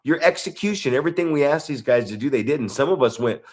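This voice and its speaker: A man's voice: medium pitch, lively intonation, fast. A man co-hosting a podcast, telling a story in casual chat, rambling and restarting his sentences. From Northern California. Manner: rambling, restarts sentences, acts out quoted people. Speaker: podcast co-host.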